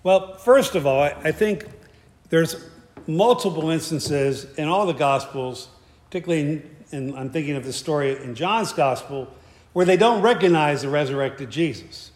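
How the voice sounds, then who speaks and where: A man's voice: fairly high pitch, lively intonation, normal speed. A man giving a conversational sermon, with joking asides and frequent restarts. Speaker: preacher. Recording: echoey hall.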